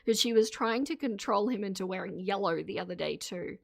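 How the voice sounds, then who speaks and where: A woman's voice: mid-range voice, a little fast, gravelly, dry recording. A woman streamer giving casual, opinionated commentary to her live chat, laughing often between remarks. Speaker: streamer reacting to videos.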